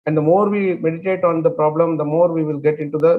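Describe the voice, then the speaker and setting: A man leading an online scripture class. He explains with many fillers and restarts and chants verses very slowly. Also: a little high, fairly even intonation, dull audio. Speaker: scripture study teacher.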